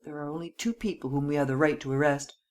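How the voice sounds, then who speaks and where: A reader voicing a calm, self-assured male chief detective in an audiobook. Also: medium pitch, natural voice. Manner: calm, measured. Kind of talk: audiobook reading.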